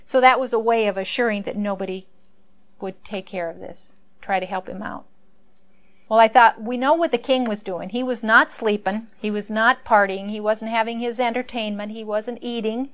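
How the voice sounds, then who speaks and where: A woman's voice: on the high side, fairly even intonation, normal speed. A woman teaching a Bible story in a conversational way, musing aloud and asking rhetorical questions.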